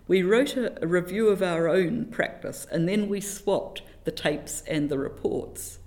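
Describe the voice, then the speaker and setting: A middle-aged New Zealand woman reflects on teaching in a relaxed interview, her voice a little low. She tells animated, self-deprecating stories and often reaches for a quote or a saying.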